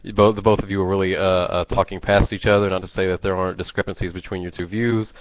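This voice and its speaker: Deep-voiced man calmly mediating. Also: fast talker, dull audio, noisy background. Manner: hesitant, full of fillers, conciliatory. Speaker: moderator and mutual friend. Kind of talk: calm mediation.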